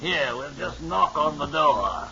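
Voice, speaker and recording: A man's voice: on the high side, slow, vocal fry, very noisy. An actor playing a stiff, proper British man crossing a moor, with a put-on British accent, on a dull old radio recording. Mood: wary. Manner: clipped, proper British turns of phrase.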